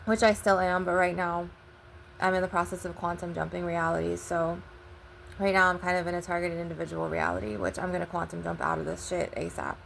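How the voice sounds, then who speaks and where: A woman's voice: lowish voice, fairly even intonation, fairly quick, creaky, a bit bright, a little hiss or hum. A woman telling a personal story in a casual, rambling way. She swears often and retells conversations with "I'm like" and "he was like.". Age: adult. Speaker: channel host.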